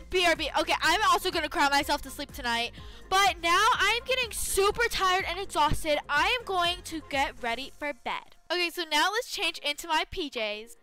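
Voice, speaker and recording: Bubbly high-voiced woman gaming host. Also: moderate pace, bright, forceful tone. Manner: bubbly, chatty, peppered with "like" and "literally". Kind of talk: playful role-play narration over a game. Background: background game music.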